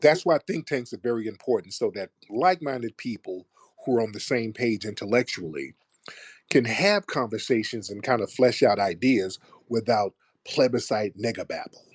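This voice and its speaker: Dry, animated mocking man. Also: on the low side, moderate pace, slightly rough, no echo. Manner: loud mocking rant, profane. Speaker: live-stream show host. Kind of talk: combative call-in talk.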